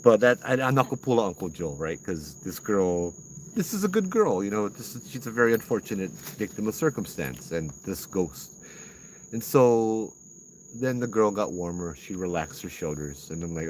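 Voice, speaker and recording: A man's voice: deep voice, animated, brisk, slight background noise, poor audio. A man with a Hawaiian Pidgin accent, a ghost tour guide telling a ghost story in a laid-back, rambling way. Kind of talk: casual spoken ghost story.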